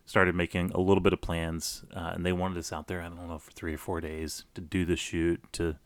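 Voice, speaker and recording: A middle-aged man telling a personal story casually, animated, with many restarts. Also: low voice, brisk, dry recording. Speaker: guest storyteller.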